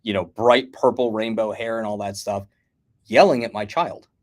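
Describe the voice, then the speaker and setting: A middle-aged American man telling blunt, animated stories as a guest in a casual chat. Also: lowish voice, moderate pace. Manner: animated storyteller, blunt and combative.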